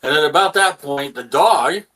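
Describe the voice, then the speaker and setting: Man, game master, casual, swears, halting narration. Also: fairly high pitch, lively intonation, bright, forceful tone, poor audio. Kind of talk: running a tabletop game.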